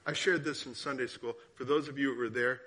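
A man preaching a sermon as guest speaker, telling a story and asking the listeners questions, sometimes dropping to a hushed tone and sometimes rising. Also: medium pitch, fairly even intonation, fairly quick. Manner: drops to hushed tones for story, rises for questions.

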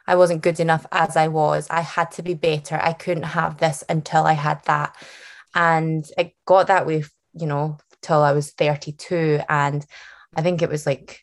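A woman's voice: sits low, level tone, normal speed. Earnest Glaswegian woman. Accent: Glasgow Scottish. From Scotland. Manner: earnest and open, with fillers. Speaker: guest author. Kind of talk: podcast interview.

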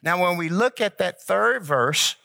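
A man preaching a sermon as pastor, slow and emphatic, repeating key phrases and calling on the congregation to say them back. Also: sits high, animated, vocal fry, sharp tone. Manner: call-and-response, urging the congregation to repeat.

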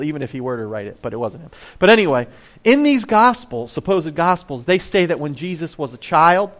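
A man preaching a sermon in a conversational way, full of rhetorical questions and acted-out voices of the crowd. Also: on the high side. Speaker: pastor.

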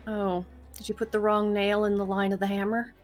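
Brief: woman role-play player, easygoing, mid pitch. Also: flat delivery, fairly quick, soft background music.

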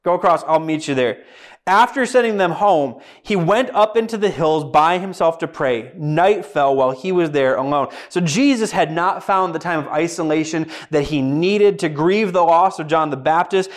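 High-voiced animated male preacher. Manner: animated, emphatic preaching with dramatic pauses. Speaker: pastor. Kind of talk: sermon.

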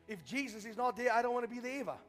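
A man preaching a sermon to a congregation, leading them in call-and-response and building to shouted fervor. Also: very high-pitched, very fast. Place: church hall. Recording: long church hall reverb with faint music.

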